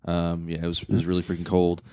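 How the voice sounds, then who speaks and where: Low-voiced laid-back man, dry sound. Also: fast, smooth, no echo. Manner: relaxed storytelling with many fillers. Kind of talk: casual podcast chat.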